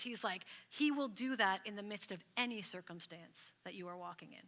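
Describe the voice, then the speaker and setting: A woman pastor preaching at a livestreamed church service, chatty and playful, and slowing down when she reads scripture. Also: mid-range voice, expressive, pushed and bright. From Canada. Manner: conversational and playful, reading scripture slowly. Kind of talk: sermon.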